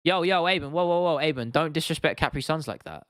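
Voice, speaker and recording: Rambling through viewer comments on his MMA livestream, this fast-talking man swears freely and keeps restarting and using fillers. His voice is fairly high and fairly bright, captured in clean studio sound without room sound.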